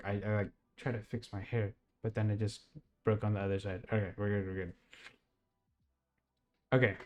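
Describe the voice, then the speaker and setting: A man's voice: mid-range voice, darkish tone. Rambling young man telling a dream. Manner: rambling, many fillers and laughs. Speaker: podcast host. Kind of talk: casual dream retelling.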